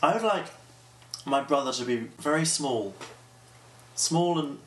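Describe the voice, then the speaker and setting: A man's voice: a little high, animated, unhurried, a bit bright, roomy sound, slight background noise. A man from London, an author, chatting playfully in an interview and laughing often. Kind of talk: casual conversational interview.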